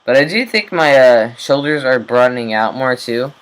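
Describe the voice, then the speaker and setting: A young man talking slowly in a rambling, casual video diary, swearing offhandedly. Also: mid-range voice, lively intonation, poor audio. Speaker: vlogger.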